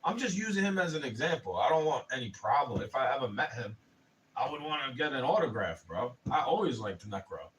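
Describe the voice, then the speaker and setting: A man's voice: medium pitch, sing-song, fairly quick, fairly bright tone, distant mic, a little hiss or hum, rough recording. A man in his twenties, ranting profanely and heatedly in a casual livestream. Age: 20s. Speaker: streamer.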